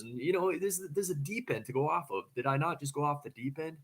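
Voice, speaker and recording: A man's voice: a little high, a little fast, hardly any pauses, husky. A man casually telling a story to camera, rambling, with frequent stammering restarts.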